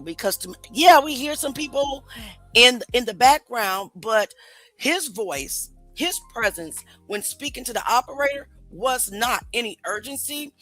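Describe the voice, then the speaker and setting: A woman's voice: on the high side, fairly bright tone, rough recording. A woman hosting a live stream, questioning the audience and reading comments aloud. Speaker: host.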